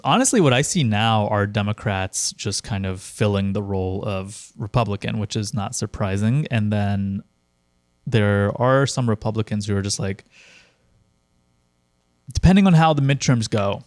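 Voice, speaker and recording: A man's voice: fairly low pitch, a little slow, a little mellow, dry recording, studio quality. A man co-hosting a podcast, chatting about politics in a rambling, sardonic way with lots of fillers. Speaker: podcast co-host. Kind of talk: casual political chat.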